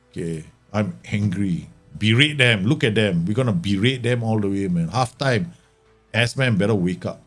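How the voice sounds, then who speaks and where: Male game streamer, lowish voice, excitable live match commentary, faint background music. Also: normal speed. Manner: animated, exclaiming and grumbling at the match. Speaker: streamer playing a football management game.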